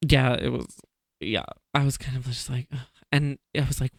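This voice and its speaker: A man hosting a casual chat podcast, telling stories in an animated way and laughing often. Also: mid-range voice, moderate pace, vocal fry. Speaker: podcast host.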